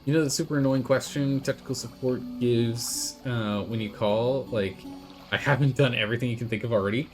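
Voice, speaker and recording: A man streaming a game, chatting and rambling with quick asides. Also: mid-range voice, faint music behind. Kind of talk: gaming commentary.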